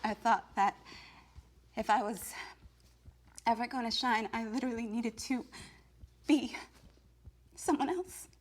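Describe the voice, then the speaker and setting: An actress playing a young woman confessing her insecure past in a web series confessional, halting and earnest. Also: a little high. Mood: wistful.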